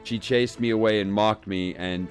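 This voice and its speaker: Casting: low-voiced man voicing a petulant, spoiled female filth demon queen from a video game. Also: fairly even intonation, moderate pace, faint music behind, lightly acted. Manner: petulant, reading game dialogue aloud.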